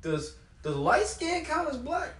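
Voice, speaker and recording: A man's voice: very high voice, huge pitch swings, a little slow, a bit bright, echoey room. A teenage boy answering his mother's questions in playful, hesitant casual chat. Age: teens. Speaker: interviewee, son.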